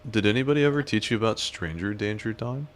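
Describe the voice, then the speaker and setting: A man's voice: fairly low pitch, quick pace. A man streaming, chatting casually as he reacts to clips, with a teasing, crude, mock-menacing manner.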